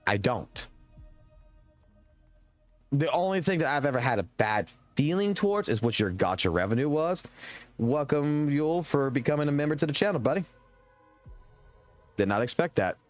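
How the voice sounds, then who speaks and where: A man's voice: fairly high pitch, moderate pace, long pauses, no echo, soft background music. A young man from Louisiana with a Southern US accent, ranting and swearing in loose livestream commentary close to his mic. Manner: animated, profane, rambling rant. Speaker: streamer. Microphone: close desk mic.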